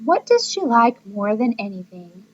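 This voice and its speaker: A woman's voice: sing-song, a little slow, darkish tone, highs cut off. Woman putting on gushing sing-song teacher mom. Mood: cheery. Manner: sing-song, high-pitched and blubbering. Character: emotional, gushing adult female teacher and mom.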